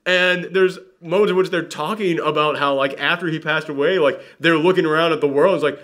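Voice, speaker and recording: A young man reviewing a movie in a casual chat, talking in an animated way and using lots of fillers. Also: a little high, fast, hardly any pauses. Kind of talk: casual conversation.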